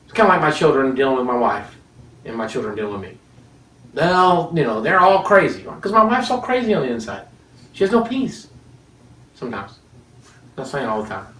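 A man preaching a sermon in an animated, joking way, laughing often as he teaches. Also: medium pitch, brisk, pauses often. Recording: echoey room, mic at a distance.

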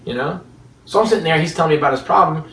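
His fairly high, fairly bright voice comes rapid-fire as he delivers a storytelling sermon. He asks rhetorical questions and chuckles between points, captured by a distant mic in an echoing space.

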